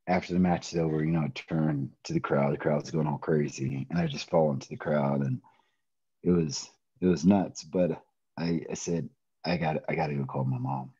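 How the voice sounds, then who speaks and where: A middle-aged man telling a personal story in a podcast interview, animated, often laughing and acting out quoted voices. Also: very deep voice, breathy edge, no room sound, highs cut off. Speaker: interview guest, pro wrestler.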